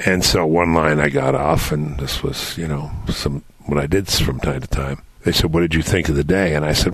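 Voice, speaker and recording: An older male podcast host with a very deep, gravelly voice and a husky edge. He tells stories in an animated, swooping way. The sound is dry and close. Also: a little fast, few pauses, no room sound. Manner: animated anecdotal storyteller with laughs. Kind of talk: casual storytelling.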